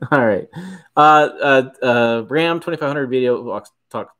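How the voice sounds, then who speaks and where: A man's voice: mid-range voice, animated, slow pace, a bit bright. A middle-aged man from Michigan hosting a casual livestream, rambling and correcting himself as he answers viewers' questions. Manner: rambling, self-correcting, chuckles often. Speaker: livestream host.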